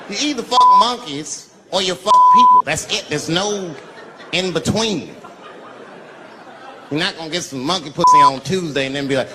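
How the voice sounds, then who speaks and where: A man's voice: high-pitched, wildly swooping pitch, moderate pace. A man doing a stand-up comedy routine on stage, telling a profane story with big swings in his voice. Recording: live crowd laughter over loud room noise.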